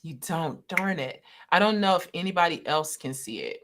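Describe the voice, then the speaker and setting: Woman, livestream co-host, animated, frequent laughter, video call mic. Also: fairly low pitch, normal speed. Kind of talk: casual livestream discussion.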